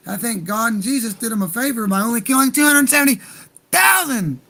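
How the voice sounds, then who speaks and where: A man's voice: extremely high pitch, expressive, fairly quick, gravelly, pushed and bright, low-quality recording. A man hosting a livestream, talking in a heated, profane, rambling rant. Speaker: livestream host.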